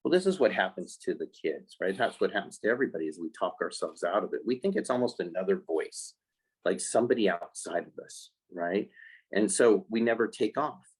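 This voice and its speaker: A man who is a life skills coach for kids, talking in a casual podcast interview. He explains in an animated way and acts out the voices he quotes. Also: sits low, a little fast, slightly rough, low-quality recording.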